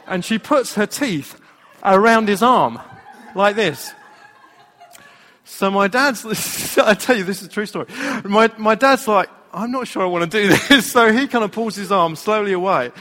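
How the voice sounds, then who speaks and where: A man preaching as a pastor, telling a personal story in an animated way. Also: high-pitched, measured pace. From Britain. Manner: storytelling, animated, laughing at his own anecdote. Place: church hall. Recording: long hall reverb.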